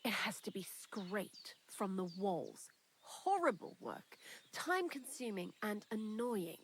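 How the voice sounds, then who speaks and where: A woman's voice: mid-range voice, very animated, takes it slowly, slight background noise. A woman voicing a talkative young woman hiding out in a thieves' lair in a video game, candid and dryly morbid. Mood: chatty. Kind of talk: game character dialogue.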